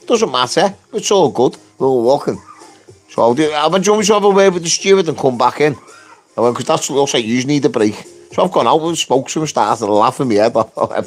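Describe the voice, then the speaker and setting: A man recounting a dispute at work in a blunt, sweary, loud way, jumping up in pitch to act out what others said. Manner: animated, jumps pitch to act out quotes. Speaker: construction worker telling his story. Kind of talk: casual storytelling.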